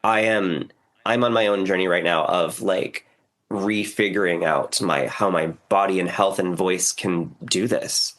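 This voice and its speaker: A young American man co-hosting a podcast, sounding hoarse from a cough and chatting in an animated way. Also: deep voice, unhurried. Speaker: podcast co-host. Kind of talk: casual chat.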